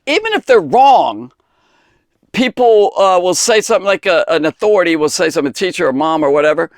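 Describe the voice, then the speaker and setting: Passionate male Bible teacher, a bit high-pitched, dry and close, halting restarts. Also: no echo. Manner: impassioned, rambling with many restarts and fillers. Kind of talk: earnest Bible teaching talk.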